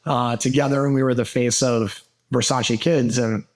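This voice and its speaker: A man from Milwaukee spins stories as a podcast guest, his voice sitting at an ordinary middle pitch. He talks loosely and swears freely. He slips into the voices of people he quotes as he goes. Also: fairly even intonation, moderate pace. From Milwaukee, USA. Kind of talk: casual storytelling.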